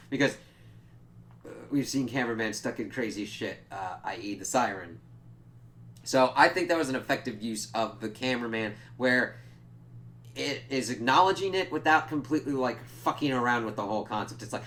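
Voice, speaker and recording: A man giving a casual, rambling episode review, swearing freely and slipping into quick character impressions. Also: mid-range voice, expressive, a bit bright. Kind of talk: casual spoken recap and review.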